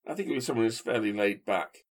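A man co-hosting a casual chat podcast, wry and opinionated, thinking aloud with pauses. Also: fairly low pitch, animated. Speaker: podcast co-host.

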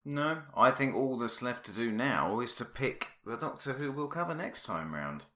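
A man's voice: mid-range voice, very animated, moderate pace, sharp tone. A man co-hosting a podcast, making short matter-of-fact remarks. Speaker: podcast co-host. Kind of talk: casual chat.

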